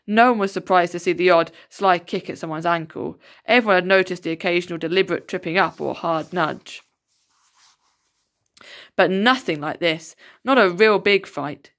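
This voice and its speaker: A woman reading a children's novel aloud in a steady, expressive way. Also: on the low side. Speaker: storybook reader.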